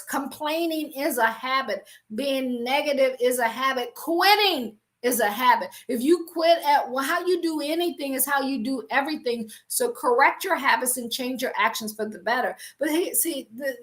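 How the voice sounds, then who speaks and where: Woman, fairly high voice, preaching biz tips from the bible, punchy and animated, lots of restarts. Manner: emphatic, animated, with many restarts. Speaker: business coach and Bible teacher. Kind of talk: faith-based business teaching.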